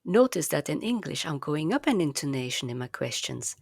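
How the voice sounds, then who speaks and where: A woman narrating a language lesson in a slow, careful, clearly enunciated teaching manner. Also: deep voice, very animated, no room sound, studio quality.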